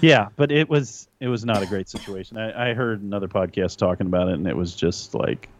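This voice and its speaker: A man's voice: fairly low pitch, a little fast, slight background noise. A man co-hosting a podcast in casual chat, talking earnestly and restarting often as he makes a point. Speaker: podcast co-host.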